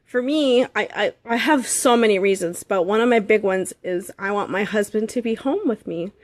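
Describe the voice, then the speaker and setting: A woman in her thirties giving an earnest, halting motivational talk to her sales team, getting emotional at times. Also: medium pitch, dry recording. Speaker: direct sales seller.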